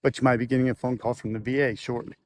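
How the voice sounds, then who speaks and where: Man, casual storytelling vlog, rambles with restarts, mid-pitched voice, slight background noise. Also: flat delivery, racing, darkish tone. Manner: rambling, loose, with fillers and restarts. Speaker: veteran telling a story.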